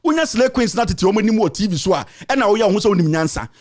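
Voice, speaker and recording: This political commentator, who has a Ghanaian accent, fills his own show with an angry, scolding rant packed with repeated insults. He talks quickly and expressively in a high voice with a darkish tone.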